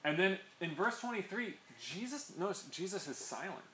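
Speaking at a moderate pace, a very animated, high-pitched man with a fairly bright tone teaches the Bible to a small gathering. He keeps things chatty, often checking in with "right?", while the echoey room carries some faint noise.

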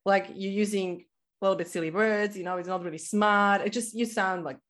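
This is a woman who is not a native English speaker, a guest in a casual chat. She is animated and laughs often. She sometimes searches for the right word. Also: medium pitch, brisk.

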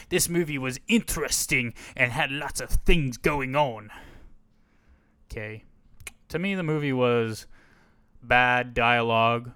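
A man's voice: medium pitch, moderate pace, fairly bright tone, clean tone, dry recording. A man hosting a podcast, giving a casual, rambling and frank movie review on a close mic. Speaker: podcast host.

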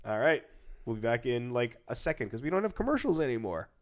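A man's voice: mid-range voice, sing-song, fast talker. A man co-hosting a podcast, talking casually. He jokes often and laughs at his own gags, in a mid-range voice. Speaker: podcast co-host. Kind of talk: casual chat.

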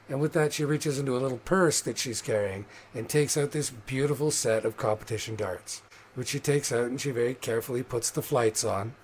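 A man narrating a tabletop game as game master in a loose, profane, energetic way. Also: medium pitch, a little fast, a little hiss or hum.

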